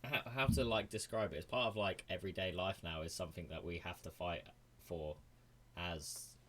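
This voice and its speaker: A young man hosting a casual podcast over a voice call, relaxed, laughing often and swearing offhandedly. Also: low-pitched, normal speed, noisy background. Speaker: podcast host. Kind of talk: casual chat on a gaming podcast.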